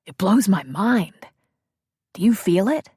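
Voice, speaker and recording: A woman reading the part of a tender, confident male lover in an audiobook, with soft, intimate delivery. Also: mid-range voice, lively intonation, takes it slowly, breathy edge, no room sound, clean studio sound, heavily acted. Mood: playful.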